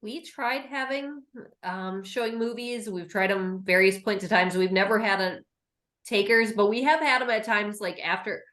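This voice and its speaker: A woman's voice: medium pitch, normal speed, fairly bright tone. A woman librarian in a roundtable discussion, sharing experience in a practical, matter-of-fact way with light laughs.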